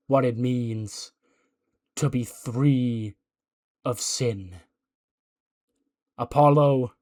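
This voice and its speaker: A man voicing a male cult-leader wrestler who speaks in a drawn-out, sermon-like, menacing way. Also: mid-range voice, darkish tone.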